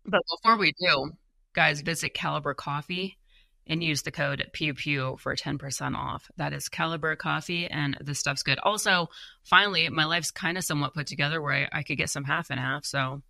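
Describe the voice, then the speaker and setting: Young female co-host, tired, gravelly fry, chatty and self-mocking. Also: deep voice, fairly even intonation, moderate pace, bright, forceful tone, no room sound. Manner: chatty, self-deprecating, laughs often. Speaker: podcast co-host. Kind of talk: casual chat reading viewer comments.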